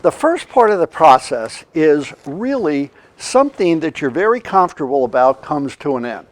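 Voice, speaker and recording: Animated male leadership trainer. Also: fairly high pitch, moderate pace. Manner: animated, acts out quoted reactions, leads call-and-response. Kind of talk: motivational training talk.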